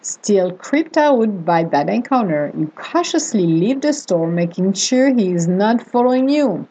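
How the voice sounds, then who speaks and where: Slow, husky-voiced woman narrator. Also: medium pitch, mellow, muffled recording. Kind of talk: second-person storytelling narration.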